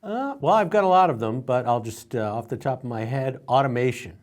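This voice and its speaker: A man co-hosting a casual chat as an industry analyst, speaking in a relaxed, measured way. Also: medium pitch. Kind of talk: casual discussion.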